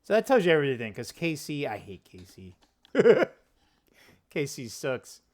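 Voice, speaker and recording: A man hosting a casual political commentary vlog, rambling and opinionated, with quick asides and self-corrections. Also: on the high side, huge pitch swings. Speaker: political commentary channel host.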